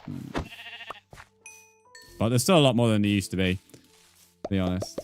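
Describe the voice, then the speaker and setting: A man's voice: fairly low pitch, normal speed, faint music behind. A British man chatting casually on a live game stream, easygoing, with lots of fillers as he reads out the chat. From United Kingdom.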